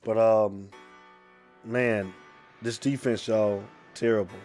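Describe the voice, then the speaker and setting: A man hosting a live fan show, feeling under the weather and calling out viewers' names in a casual, animated chat. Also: on the low side, faint music behind. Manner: drawn-out greetings, animated, calls out commenters by name. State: a little sick, under the weather.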